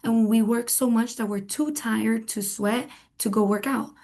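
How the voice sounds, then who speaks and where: A woman's voice: fairly high pitch, fairly even intonation, unhurried, darkish tone. A woman who is a wellness clinic doctor, a guest answering interview questions and explaining through repetition and everyday comparisons.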